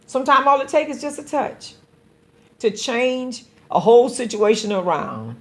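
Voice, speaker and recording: A woman's voice: on the high side, big pitch swings, normal speed. Earnest woman pastor hosting a show. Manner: earnest, exhorting, addresses listeners directly with repeated phrases; stammers on repeated words while building a point. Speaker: pastor and radio show host. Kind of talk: preaching-style call-in show talk.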